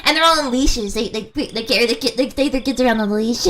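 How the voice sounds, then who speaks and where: A woman's voice: fairly high pitch, a little slow, pauses often, slight background noise. A young woman with a slight American mountain accent, chatting casually and giggling with viewers during a game stream. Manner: rambling, giggly, animated.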